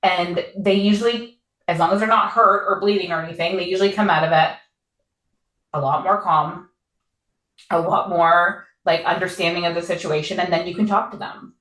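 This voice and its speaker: A woman in her thirties chats candidly and rambles along, breaking into easy laughs. Her voice sits a little low. The room around her rings with echo. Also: fairly even intonation, normal speed, a bit bright. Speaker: podcast co-host. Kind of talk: casual chat. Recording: echoey room.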